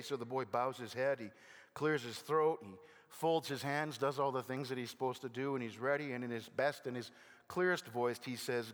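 Older male pastor in a reverberant hall. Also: mid-range voice. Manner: conversational, self-deprecating humor with halting restarts. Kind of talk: sermon. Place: church sanctuary.

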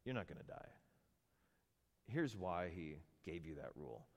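Sly coaxing serpent devil, as a preacher puts him on. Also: male voice, sits low, sing-song, a little slow, in a large hall, voice pushed down, exaggerated voice.

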